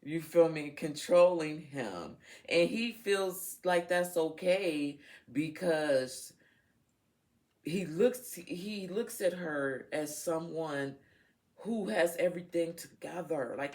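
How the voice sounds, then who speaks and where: Woman tarot reader, casual and unfiltered, swears, unhurried delivery. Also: fairly low pitch. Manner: frank, swears freely, laughs, talks to her viewers. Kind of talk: casual tarot reading to camera.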